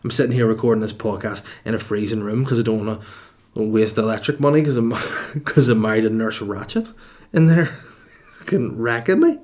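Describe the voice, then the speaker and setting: A man's voice: fairly low pitch, normal speed. Exasperated Northern Irish man ranting. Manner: animated, exasperated storytelling with swearing. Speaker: comedian podcast host. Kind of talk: comedic monologue. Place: cold room at home.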